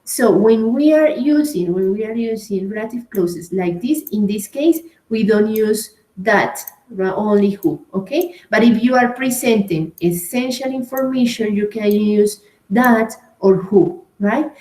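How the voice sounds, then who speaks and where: A woman's voice: mid-range voice, unhurried, mellow. A woman with a Colombian Spanish accent teaching an English grammar class, explaining patiently and checking in with "right?" and "okay?". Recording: echoey room.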